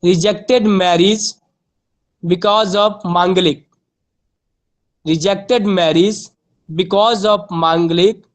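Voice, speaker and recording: A woman teacher dictates literature notes at an unhurried, deliberate pace. She repeats every phrase and spells out key words letter by letter for her students to copy down. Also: medium pitch, steady tone.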